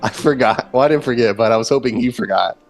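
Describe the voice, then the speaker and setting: A man's voice: medium pitch, fast, gravelly, soft background music. Chuckling man playing a tabletop game. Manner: chuckling, playful, often laughs mid-sentence. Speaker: player. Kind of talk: tabletop role-play chat.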